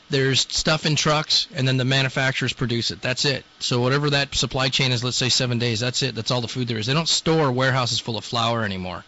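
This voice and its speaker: A man's voice: mid-range voice, pushed and bright, muffled recording. Blunt, scolding male talk-show host. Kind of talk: ranting talk-show monologue.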